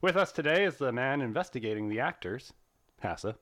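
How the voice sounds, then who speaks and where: A man's voice: mid-range voice, animated, a little fast, fairly bright tone. A man hosting a casual movie-review podcast, playful and theatrical as he jokes with his co-host.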